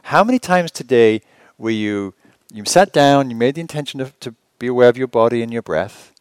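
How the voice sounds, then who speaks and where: A man teaching meditation at a retreat, talking conversationally and asking rhetorical questions with gentle humor. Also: medium pitch, animated, brisk, clear, resonant tone, no echo. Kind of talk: retreat dharma talk.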